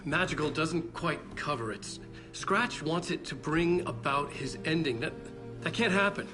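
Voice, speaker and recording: Alan Wake, a haunted, halting novelist. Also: male voice, fairly high pitch, animated, music in the background. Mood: urgent. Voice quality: strained, halting, drops to a whisper. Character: haunted male novelist, shaken and tense. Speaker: writer under questioning.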